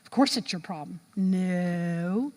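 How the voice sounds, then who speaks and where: A middle-aged woman teaching a Bible study to a room of women in a lively sermon style, acting out voices and reactions as she goes. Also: fairly low pitch, slow pace. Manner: animated, acts out voices and reactions. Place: large room with an audience of women. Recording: long hall reverb.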